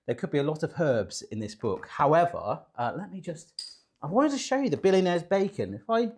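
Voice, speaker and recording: A British man hosts a live cooking stream in a relaxed, chatty way. He jokes, teases himself and reads out comments from viewers. His voice rises and falls a lot as he talks. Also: on the high side, brisk, husky. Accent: British English. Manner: chatty, jokey and self-deprecating, reading viewer comments. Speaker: cooking show host.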